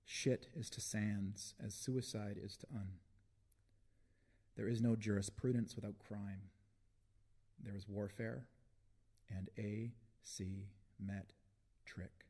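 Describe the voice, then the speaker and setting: A man giving a live poetry reading in a concert hall, slow and deliberate with dramatic pauses, into a stage microphone. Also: lowish voice, fairly even intonation. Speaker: poet.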